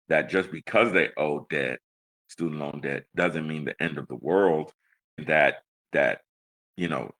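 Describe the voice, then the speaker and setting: A man's voice: rumbling low, fairly bright tone, rough recording. A man co-hosting a casual talk show, laid-back and plainspoken. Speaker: co-host and founder.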